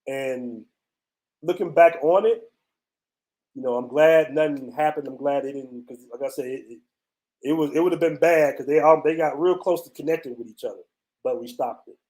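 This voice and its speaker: Travel host from the US, man, slightly high voice, loose slangy storyteller talking to his viewers outside. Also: normal speed. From United States. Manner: loose, animated retelling with slang and repeated "man" and "bro". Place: outdoors on a city street at night.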